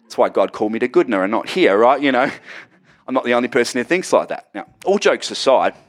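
A man in his thirties with an Australian accent, preaching to a church congregation as a guest pastor, joking and lively. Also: medium pitch, quick pace. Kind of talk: sermon. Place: church auditorium.

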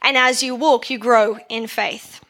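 A woman delivers a sermon in an easy, conversational tone, her voice sitting a little high. She asks the congregation questions and builds her points through repetition. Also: steady tone, a little slow, sharp tone. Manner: repeats phrases for emphasis. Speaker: preacher.

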